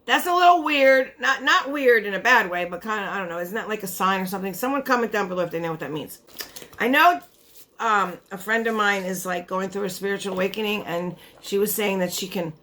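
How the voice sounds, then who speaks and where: A woman's voice: mid-range voice, brisk, sharp tone, a little hiss or hum. Tired chatty woman unboxing beauty products. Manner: chatty, rambling, self-interrupting. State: tired, voice giving out. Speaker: beauty vlogger. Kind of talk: casual unboxing chat.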